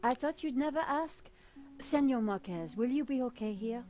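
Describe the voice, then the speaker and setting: An actress voicing a brisk, practical adult woman investigator in a video game. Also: on the high side, expressive, darkish tone, faint music behind, close to an everyday voice. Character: level-headed female investigator, adult.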